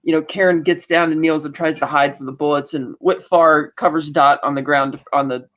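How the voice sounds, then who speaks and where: A podcast co-host with a low, fairly bright voice speaks at normal speed with fairly even intonation. She gives a casual recap of a TV episode, acting out lines from scenes, and the audio is dull lo-fi.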